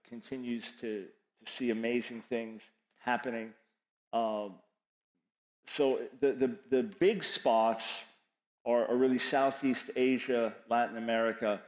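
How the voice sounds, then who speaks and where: A man preaches and answers questions from the floor, leaning hard on repeated phrases and quoted scripture. His voice is of middling pitch for a man. The sound rings with the echo of a large room. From New York. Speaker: speaker answering audience questions.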